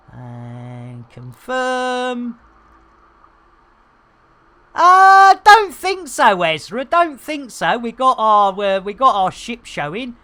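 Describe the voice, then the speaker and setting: A woman's voice: mid-range voice, pushed and bright. A middle-aged woman, chatting and joking her way through a live game stream in slangy banter.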